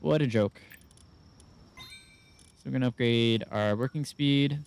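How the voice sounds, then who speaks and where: Faint music plays behind this gaming YouTuber's mid-range, creaky yet clean voice, which moves at a measured pace. In casual let's-play commentary, he vents, swears often and talks to himself through the game in obvious frustration.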